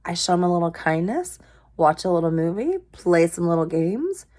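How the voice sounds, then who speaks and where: A woman in her thirties giving an earnest parenting pep talk to camera, asking viewers direct questions and dropping into soft breathy asides. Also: lowish voice, very animated, moderate pace. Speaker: parenting vlogger.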